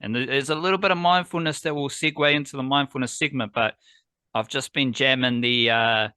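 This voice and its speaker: A man's voice: medium pitch, steady tone, fairly quick, sharp tone, clear, resonant tone, no room sound. Enthusiastic New man rambling. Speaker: podcast host. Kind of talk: casual sports podcast chat.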